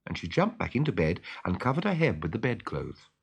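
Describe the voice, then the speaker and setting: Expressive man reading a storybook aloud. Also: fairly low pitch, fairly quick, vocal fry, husky. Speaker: narrator.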